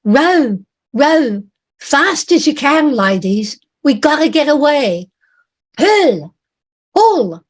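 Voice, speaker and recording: A woman voicing a male sailor who shouts urgent orders from a lifeboat in a storybook reading. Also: high voice, very animated, slow, hardly any pauses, voice pushed up, full character voice. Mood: urgent shouting.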